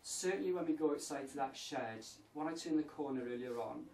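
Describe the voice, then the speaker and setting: A man's voice: mid-range voice, a little fast, gravelly, mellow. A man working as a medium, describing his impressions on location with hesitant, searching speech full of fillers. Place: indoors at an old inn. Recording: echoey room, distant mic, faint noise.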